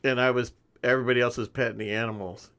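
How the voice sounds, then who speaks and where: A man's voice: medium pitch, steady tone, racing, fairly bright tone. A young adult man, co-host and the guest's son, chatting and laughing easily. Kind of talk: casual podcast chat.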